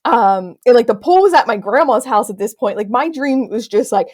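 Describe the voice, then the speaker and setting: A young woman hosting a podcast, talking with a chatty run of fillers and quick asides. Her voice sits a little high, and she sounds easy and conversational. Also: animated, a little mellow. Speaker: podcast host. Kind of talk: casual chat.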